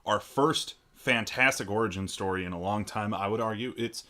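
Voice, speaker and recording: A man's voice: on the low side, normal speed, bright, forceful tone. A young man co-hosting a casual movie podcast, weighing his opinions with many restarts and putting questions to his co-host. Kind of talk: casual movie review chat.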